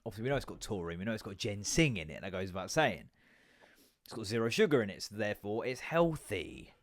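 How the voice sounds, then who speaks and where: A man's voice: lowish voice, big pitch swings, fast, no room sound, clean studio sound. A man, hosting a podcast in casual, jokey chat full of swearing and rambling asides. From United Kingdom. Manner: comedic, stand-up performer. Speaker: podcast host.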